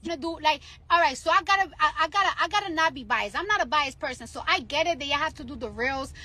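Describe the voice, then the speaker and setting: A woman's voice: high voice, expressive, quick pace, bright, forceful tone, no room sound. A woman in a heated, profane rant, repeating herself and swearing freely. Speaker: rapper ranting on social media. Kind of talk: angry rant in a clip.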